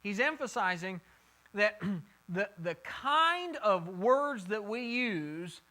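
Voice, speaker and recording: A man teaching a Bible study in a sermon style. His voice is bright and ringing. He talks casually, repeating words as he gathers his thoughts, and invites questions from the group. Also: sits high, expressive, slow, rough recording. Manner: conversational, repeats words while thinking.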